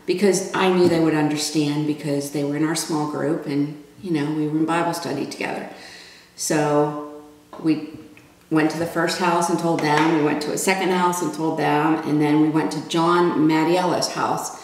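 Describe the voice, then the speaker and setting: Middle-aged woman, lowish voice, casual storytelling, conversational, heavy room echo, distant mic. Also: moderate pace. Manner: conversational, relaxed, plain-spoken. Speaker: family member telling a personal story. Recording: very echoey room, mic far off.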